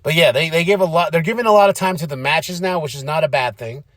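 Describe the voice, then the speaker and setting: A young adult man giving a casual, animated recap of a wrestling show as a podcast host, slipping into playful impressions. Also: fairly high pitch, quick pace, no room sound, studio quality. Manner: animated, slips into playful impressions and sing-song bits.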